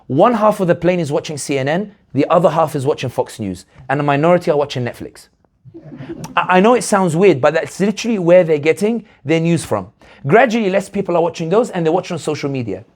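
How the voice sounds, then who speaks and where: A political analyst speaking to an audience, telling stories and asking rhetorical questions in a lively, animated way. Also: male voice, a little high, quick pace. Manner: animated storyteller, acts out quoted voices, rhetorical questions. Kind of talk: speech to an audience.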